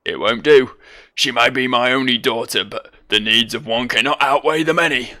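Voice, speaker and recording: A man voicing a gruff middle-aged male sky pirate, reading the game's lines aloud in an old-timey pirate growl. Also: mid-range voice, moderate pace, pushed and bright, close to an everyday voice. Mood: grim. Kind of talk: reading game dialogue aloud in voices.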